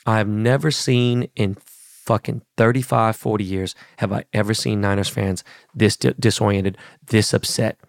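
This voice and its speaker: Gravelly dude ranting about the game on his podcast, cussing a lot, dry close mic. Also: on the low side, normal speed, no echo. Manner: profane, animated, acts out quotes. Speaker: podcast host. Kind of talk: casual sports talk.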